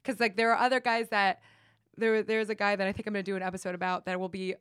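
A young adult woman hosting a podcast, telling stories in casual chat, animated and laughing often, with casual swearing. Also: medium pitch, quick pace, clean tone, no echo, clean studio sound.

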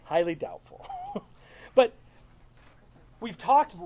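A woman's voice: mid-range voice, expressive, slow, dark tone, a little hiss or hum. A woman leading a small-group Bible study, reading verses aloud and explaining them in a loose, conversational way.

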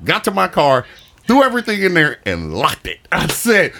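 A man's voice: a little high, wildly swooping pitch, moderate pace, gravelly, bright, forceful tone, a little hiss or hum. A young man casually telling a funny story on a podcast, laughing often as he talks. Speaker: podcast co-host.

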